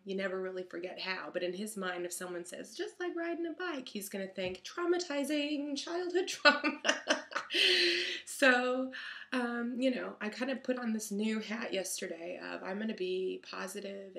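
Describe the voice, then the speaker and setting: A mother telling a story about her son in a chatty, animated way, acting out the lines of the people in it. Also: on the low side, vocal fry. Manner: chatty, animated retelling with quoted dialogue. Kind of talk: casual storytelling monologue.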